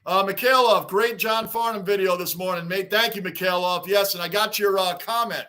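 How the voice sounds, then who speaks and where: A man's voice: sits high, normal speed, sharp tone. A man hosting a casual sports livestream, chatting loosely, greeting viewers by name and repeating his points. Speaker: livestream host reading fan chat.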